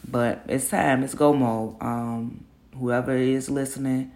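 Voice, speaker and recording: A woman's voice: extremely low pitch, little pitch movement, slow, darkish tone. A middle-aged woman hosting a casual solo podcast, talking candidly in slangy, self-encouraging speech, openly nervous, her voice groggy from the early morning. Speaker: podcast host.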